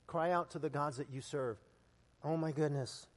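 A man preaching a sermon as pastor, telling stories and building to loud, emphatic peaks. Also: a little high, moderate pace. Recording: long hall reverb.

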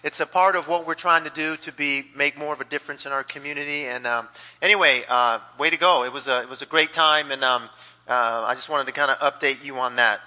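A man's voice: medium pitch, steady tone, fairly quick, sharp tone. A male pastor giving a sermon in a church sanctuary, rambling along with many fillers and restarts. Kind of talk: sermon with a told joke. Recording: long hall reverb.

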